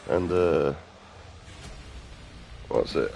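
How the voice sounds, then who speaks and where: A man's voice: low voice, slow pace, gravelly, long pauses, darkish tone, soft background music. A middle-aged man, rambling crudely and outspokenly in a casual vlog monologue. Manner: crude, outspoken, mumbling asides. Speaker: vlogger.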